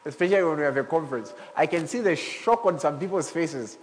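A man preaching a sermon as pastor, animated, swinging up to shouts and laughing with the congregation. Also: a little high, quick pace, slight background noise. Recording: long hall reverb.

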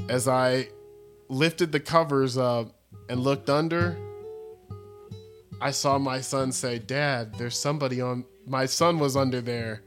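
A young man rambles through a laid-back podcast chat, cracking jokes and stumbling over his own stories. Faint guitar music plays quietly behind his voice. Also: medium pitch. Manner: rambling, joking, restarts stories. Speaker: podcast co-host. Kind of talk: casual chat.

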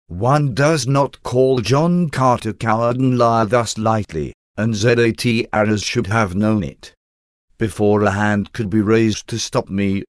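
Low-voiced male audiobook narrator. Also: dry recording, clean studio sound. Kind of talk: scripted first-person narration.

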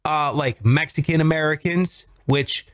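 A man's voice: on the high side, fairly even intonation, a little slow, fairly bright tone. A man in his thirties hosting a casual podcast, joking and teasing his co-hosts in banter. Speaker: podcast host.

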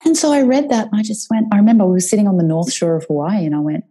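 A woman, a podcast guest telling a personal story in an emotional, animated way. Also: mid-range voice, very fast, breathy edge, low-quality recording. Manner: emotional, animated, swears freely.

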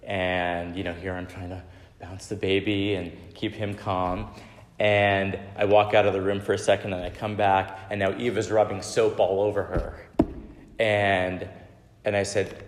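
Unhurried pastor in an echoing hall. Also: male voice, sits low, fairly even intonation, slight background noise. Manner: conversational, frequent "right?" tag questions. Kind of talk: sermon with personal stories. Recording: echoey hall with long reverb.

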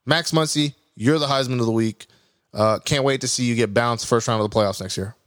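A brash man co-hosting a casual podcast, trading insults and jokes with his friends. His voice sits at a middling pitch. The recording is dry and close, with no echo. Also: fairly quick, fairly bright tone. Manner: brash and trash-talking. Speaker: podcast co-host. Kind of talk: casual profane banter.

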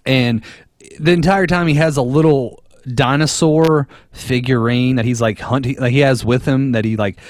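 Male podcast co-host, mid-pitched, dry close mic, loose profane storytelling. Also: normal speed, no room sound. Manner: profane, rambling, animated retelling. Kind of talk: casual movie discussion.

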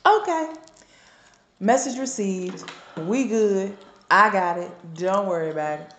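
A woman, co-hosting a podcast and telling a lively story with plenty of laughter. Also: medium pitch, slow pace, a little hiss or hum. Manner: animated storytelling, laughs often. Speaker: podcast co-host. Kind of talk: casual chat. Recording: echoey room.

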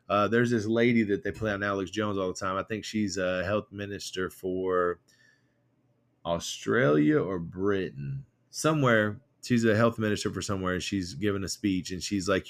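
A man co-hosting a political podcast, rambling and animated as he retells stories with quoted voices. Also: sits low, moderate pace. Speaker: podcast co-host. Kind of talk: casual political chat.

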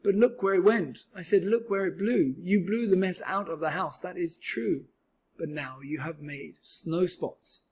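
A man's voice: sits high, unhurried, a little mellow, slightly rough. A man reading aloud and voicing a band of eager little male helper cats, calling out in a bossy, keen way. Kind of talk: storybook read-aloud.

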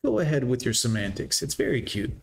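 A man's voice: mid-range voice, very animated, brisk, vocal fry. A man giving sarcastic, scornful reaction commentary, lecturing his listeners.

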